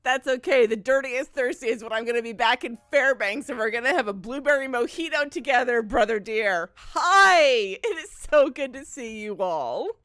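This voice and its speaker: A woman's voice: on the high side, normal speed, few pauses, fairly bright tone, no room sound, studio quality. A woman streaming a game live, chatting in a rambling, heartfelt way and greeting viewers effusively. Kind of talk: casual live-stream chat.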